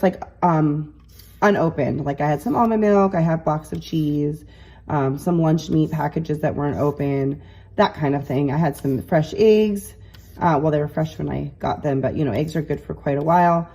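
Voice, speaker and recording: A woman's voice: low voice, moderate pace, dark tone. Chatty congested woman, slightly nasal. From New York. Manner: chatty, rambling, many fillers. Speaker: cooking vlogger. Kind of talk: casual chat. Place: home kitchen.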